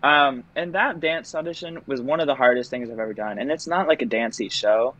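A man's voice: medium pitch, fairly quick, sharp tone, no echo, muffled recording. A young man, a stage actor, telling an audition story in a chatty, self-deprecating way, with many fillers and laughs. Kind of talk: casual interview storytelling.

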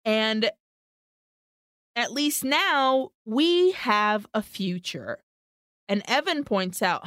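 Animated woman recapping a film. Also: on the high side, drawn-out words, long pauses, no echo, clean studio sound. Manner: animated retelling, swears freely. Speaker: podcast co-host. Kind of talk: casual chat recapping a film.

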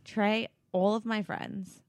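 A woman's voice: medium pitch, steady tone, slow pace, vocal fry, no room sound, studio quality. A young woman co-hosting a podcast, talking in an earnest, heartfelt way with the odd swear word. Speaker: podcast co-host. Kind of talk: casual podcast chat.

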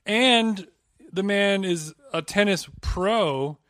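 A man with a fairly high voice trades jokes with his co-host in loose podcast banter, often wandering off into long tangents. The sound is close and dry, with no room around it. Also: slow, a bit bright, dry recording. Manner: joking, rambling tangents. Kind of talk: casual banter.

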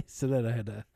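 A male host tells wry travel gripes in a loose, foul-mouthed comic rant, his voice swinging up and down with lively expression. His pitch sits in a middle range. The sound is dry and close, with no room around it. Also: creaky, dry recording. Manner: profane, animated storytelling with laughs. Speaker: podcast host. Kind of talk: casual comedic rant. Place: touring, recorded while traveling.

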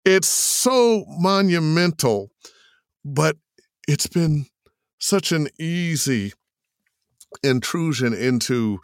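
Smooth-voiced older man telling stories. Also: on the high side, extremely slow, long pauses, dry recording, clean studio sound. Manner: animated storyteller, acts out quotes in put-on voices. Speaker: voice actor guest. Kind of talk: interview answers.

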